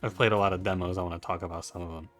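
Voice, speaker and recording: A man's voice: low voice, steady tone, rapid-fire. A man giving casual gameplay commentary, sleepy from just waking up, rambling and thinking aloud as he plays. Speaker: gaming YouTuber. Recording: faint background music.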